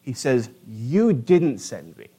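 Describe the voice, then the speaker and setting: A man preaching a sermon, animated and emphatic, asking his listeners rhetorical questions. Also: medium pitch, takes it slowly, slightly rough. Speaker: pastor.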